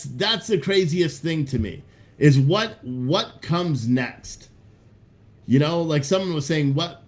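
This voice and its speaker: A man hosting a casual livestream, rambling bluntly with profanity and restarts while reading out chat comments. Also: fairly high pitch. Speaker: livestream host.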